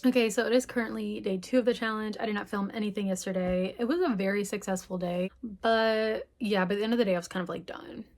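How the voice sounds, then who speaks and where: A woman's voice: medium pitch, fairly even intonation, quick pace, few pauses, darkish tone. A woman in her twenties talking in a casual vlog, chatty and giggly, full of "like". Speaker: vlogger.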